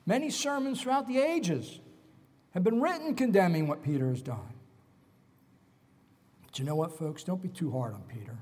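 A man preaching a sermon dramatically, swinging between loud emphasis and hushed whispers. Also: sits high, big pitch swings, normal speed, pauses often, husky, in a large hall.

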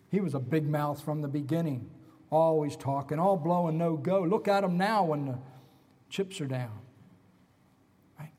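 A man preaching a sermon dramatically, swinging between loud emphasis and hushed whispers. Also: a little high, long reverb tail.

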